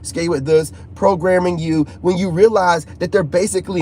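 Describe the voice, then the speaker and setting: A man talking to his viewers in a casual, rambling monologue, restless and animated, often repeating himself. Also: fairly high pitch, moderate pace, slight background noise. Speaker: YouTuber.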